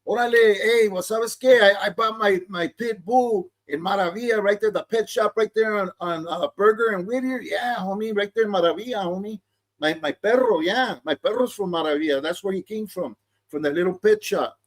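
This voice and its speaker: A man's voice: high voice, normal speed. A middle-aged man giving casual commentary, in laid-back street talk full of slang and restarts. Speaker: vlogger reacting to a clip.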